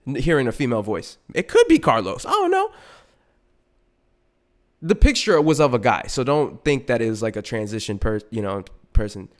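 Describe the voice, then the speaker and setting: A male podcast host rants through a story in a loose, casual way. He swears constantly, restarts sentences and goes off on asides. His voice sits in an ordinary middle pitch. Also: normal speed. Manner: profane, animated, frequent restarts and asides.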